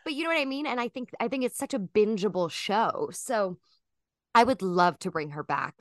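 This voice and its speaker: A woman's voice: medium pitch, expressive, moderate pace, no echo, studio quality. A woman in her thirties, a guest chatting casually in an interview, rambling with lots of fillers and restarts.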